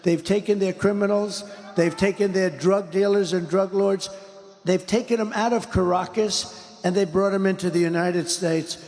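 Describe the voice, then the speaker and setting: A man's voice: high voice, fairly even intonation, normal speed, darkish tone, in a large hall. An older man giving an interview, talking in an emphatic, repetitive, rambling way. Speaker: interview guest. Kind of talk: interview conversation.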